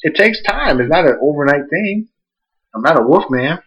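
A man with a husky, slightly rough voice co-hosts a casual podcast. He talks in loose, joking banter and teases his co-host. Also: on the high side, animated, normal speed, a bit bright, dull audio. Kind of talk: casual chat.

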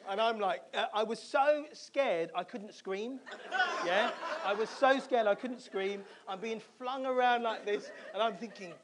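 A man preaching a sermon, telling a personal story in a lively way and acting out his own reactions. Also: high voice, moderate pace. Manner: animated storytelling, acts out his own screams and quotes. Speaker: pastor.

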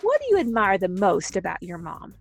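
A woman hosting an interview, reacting with enthusiasm and asking quick questions. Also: medium pitch, wildly swooping pitch, creaky, no echo, faint music behind. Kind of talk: upbeat interview.

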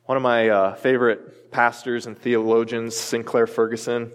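A man stands before a congregation and preaches with earnest emphasis, his voice sitting at an ordinary middle pitch. He works through his points steadily and now and then drops in a light aside. The sound carries the long, lingering reverb of a large church sanctuary. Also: little pitch movement, normal speed, clear, resonant tone. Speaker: pastor. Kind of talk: sermon.

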